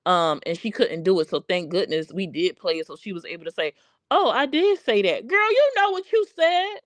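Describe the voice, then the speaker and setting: This woman's voice is lowish and slightly quick, recorded on a streaming mic without echo. Hosting a casual drama-commentary livestream, she calls someone out bluntly and animatedly, going over her points again and again.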